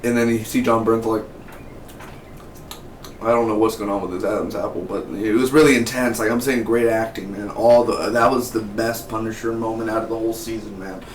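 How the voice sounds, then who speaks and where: A man with a fairly low, fairly even voice speaks a little fast as he gives a laid-back, rambling review of a TV episode, constantly dropping "man" and "dude" into his sentences. The mic sits some distance away in an echoey room, with a little hiss or hum.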